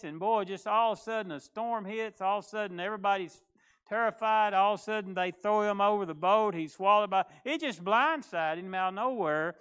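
Pastor guy preaching, chatty and folksy, higher voice, smooth and clean. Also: a bit bright. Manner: folksy, conversational preaching with restarts. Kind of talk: sermon.

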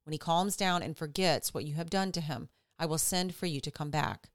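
A woman's voice: deep voice, fairly quick, dry recording, studio quality, close to an everyday voice. A woman reading the lines of a worried mother urgently warning her son. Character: worried protective mother Rebekah.

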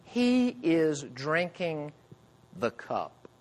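A man preaching a sermon with earnest emphasis, swinging between loud cries and hushed low phrases. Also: very animated, very slow, big-room sound. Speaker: pastor.

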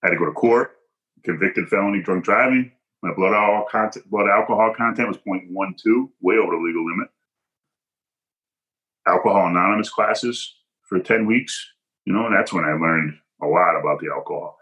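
A man's voice: deep voice, a little fast, pushed and bright, rough recording. A man guest in a podcast interview, telling a personal story in an emphatic, punchy way and acting out quoted dialogue.

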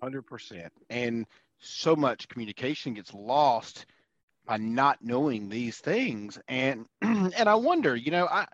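A man's voice: medium pitch, animated, slow, fairly bright tone, dry recording, lo-fi sound, soft background music. A man hosting a podcast, enthusiastic and a bit rambling as he explains ideas. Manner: enthusiastic, rambling, restarts often. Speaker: podcast host. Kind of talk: casual podcast conversation.

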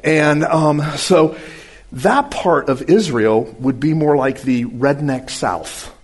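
A man giving a conversational sermon-style Bible lesson, folksy and animated, who swings between brisk asides and slow, quiet emphasis. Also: a little high. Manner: folksy, animated, uses homespun comparisons. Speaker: Bible teacher.

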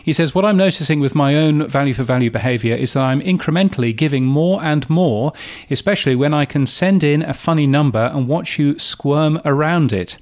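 A man's voice: a little high, a little fast, darkish tone. A man co-hosting a podcast in a casual, chatty way. He mocks himself and talks with many fillers and restarts. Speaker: podcast co-host.

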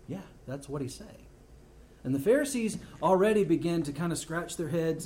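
A male preacher with a mellow, warm, fairly high voice delivers a sermon. He reads scripture aloud and breaks into lively, storytelling asides. A faint hiss sits behind his voice. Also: normal speed.

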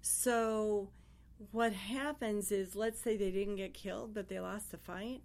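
A woman giving measured, explanatory commentary as an expert. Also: mid-range voice, steady tone, a little mellow.

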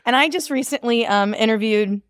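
A young adult woman hosts a podcast in a chatty, playful way and teases her guest as she tells her own story. Her voice sits a little high. It is recorded dry and close. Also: brisk, no room sound. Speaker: podcast host. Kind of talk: conversational podcast interview.

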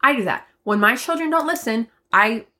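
A woman from the Northeast United States co-hosting a casual faith podcast, talking loudly and emphatically with self-deprecating humor. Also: on the high side, expressive, moderate pace. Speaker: podcast co-host.

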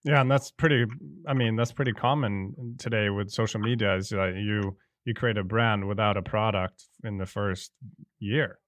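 A man's voice: lowish voice, fairly even intonation, moderate pace, a bit bright, dry recording, studio quality. A man hosting a podcast for a coaching company, asking thoughtful, probing questions. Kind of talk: conversational interview.

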